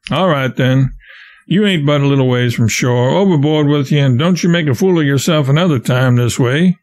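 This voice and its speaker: A man reading the part of a gruff raftsman boss who questions a stowaway in a blunt, commanding way. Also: medium pitch, moderate pace, darkish tone, close to an everyday voice. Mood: stern. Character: gruff grown raftsman boss, stern but fair.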